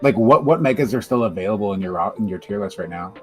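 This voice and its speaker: A young man co-hosting a casual chat, excitable and prone to hesitant starts. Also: fairly low pitch, quick pace, faint music behind. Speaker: podcast co-host.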